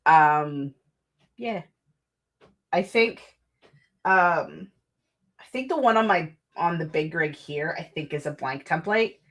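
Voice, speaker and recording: Woman streamer, slightly low voice, casual rambling chat, self-mocking. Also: lively intonation, slow pace, long pauses, fairly bright tone. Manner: chatty, rambling, self-deprecating. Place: home desk.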